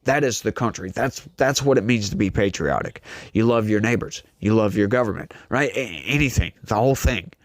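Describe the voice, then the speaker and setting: A man's voice: on the low side, a little fast, no echo. A man hosting a political commentary show, delivering an opinionated monologue straight to his audience in an emphatic, preachy way.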